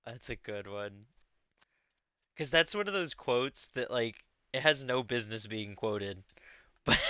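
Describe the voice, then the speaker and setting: A man's voice: mid-range voice, sharp tone, smooth, no echo. Man, gaming streamer, casual chat, laughs a lot, dry close sound. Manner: giggly, laughs often between lines.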